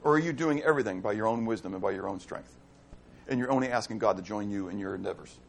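A man's voice: on the low side, fast, gravelly, a little hiss or hum. A man preaching a sermon, asking rhetorical questions and repeating key phrases. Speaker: pastor.

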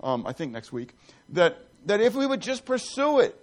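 A pastor preaching a conversational sermon in church, asking the congregation questions and breaking off into asides with many restarts. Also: male voice, high-pitched, big pitch swings, moderate pace.

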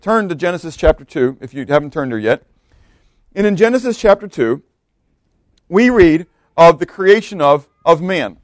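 A man's voice: on the high side, no echo, clean studio sound. A male pastor giving a conversational sermon, often stopping to ask his listeners questions and reading scripture aloud. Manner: conversational preaching with repeated rhetorical questions.

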